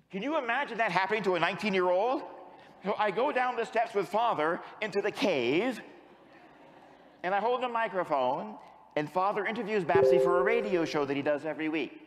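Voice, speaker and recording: A male priest preaching a sermon as an animated storyteller who acts out the voices in his stories. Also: a little high, in a large hall. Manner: animated storyteller, acting out quotes.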